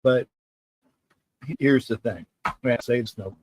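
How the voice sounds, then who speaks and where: There's background noise as a man hosts a live sports talk stream, speaking slowly in a mid-range voice. He chats loosely, reads comments from viewers, and keeps wandering and repeating himself.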